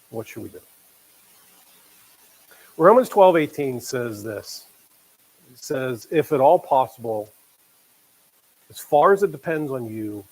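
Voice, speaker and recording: A man preaching a sermon as pastor, conversational, acting out quoted voices and dropping quiet for emphasis. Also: mid-range voice, breathy edge, low-quality recording.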